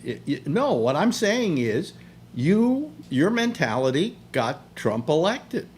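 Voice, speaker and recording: A man's voice: on the high side, sing-song, slow, a little mellow, a little hiss or hum. A man hosting a heated political chat, pressing his point with repeated questions. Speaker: host.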